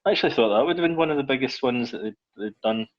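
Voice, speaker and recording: A man's voice: medium pitch, lively intonation, racing. A Scottish man co-hosting a podcast, chatting easygoing and agreeable. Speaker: podcast co-host. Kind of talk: casual chat. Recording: dull lo-fi sound.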